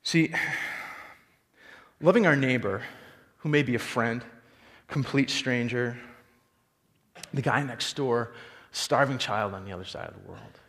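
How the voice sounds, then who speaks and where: A man preaching a sermon as a pastor, animated storytelling and rhetorical questions. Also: mid-range voice, a little slow, pauses often, long reverb tail.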